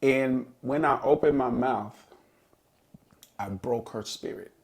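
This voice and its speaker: A man's voice: mid-range voice, slow pace, vocal fry. A middle-aged man and podcast co-host, telling a personal story in an earnest, reflective way during a casual chat.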